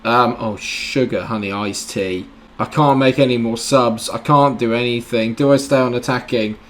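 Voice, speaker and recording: Man, let's-play commentary, excitable, talks to the screen, average pitch. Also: normal speed, a little hiss or hum. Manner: excitable, shouts and cheers at big moments. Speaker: gaming YouTuber.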